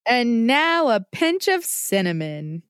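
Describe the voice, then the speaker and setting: A woman's voice: fairly high pitch, big pitch swings, takes it slowly, smooth, no room sound, clean studio sound. A woman voicing a patient, caring mother who teaches her child kitchen safety. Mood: warm. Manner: patient and instructive. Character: gentle, safety-minded mother.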